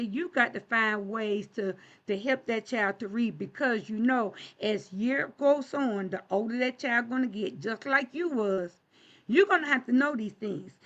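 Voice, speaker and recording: Woman preacher, conversational sermon, bright tone, muffled streamed sound. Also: a little high. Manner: conversational, plain-spoken preaching with rhetorical questions. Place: church.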